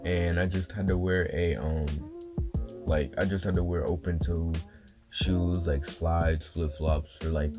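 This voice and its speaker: A young man casually telling a childhood story as a vlogger, with slangy, animated phrasing and lots of fillers. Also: low voice. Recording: guitar music playing underneath.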